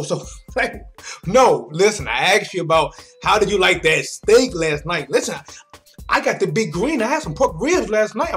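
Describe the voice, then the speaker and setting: A man reacting live to a sports interview, talking straight to his audience with lots of emphasis. His voice sits fairly high, and faint music runs beneath him. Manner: animated, emphatic, talks straight to viewers. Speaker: sports commentary host.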